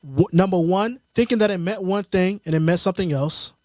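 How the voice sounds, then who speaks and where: Young male co-host, casual and profane, somewhat high-pitched, recorded dry and close. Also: a little fast, a little mellow, no room sound. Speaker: podcast co-host. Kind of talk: casual chat.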